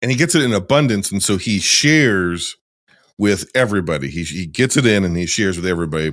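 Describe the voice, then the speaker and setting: A man's voice: sits low, dry recording, studio quality. A man hosting a podcast, casually retelling film scenes with restarts and swearing. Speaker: podcast host.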